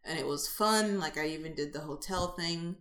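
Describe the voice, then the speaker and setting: A chatty woman talking casually about conventions. Her voice sits a little low and carries a lively, animated delivery full of fillers. The room around her is echoey. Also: moderate pace.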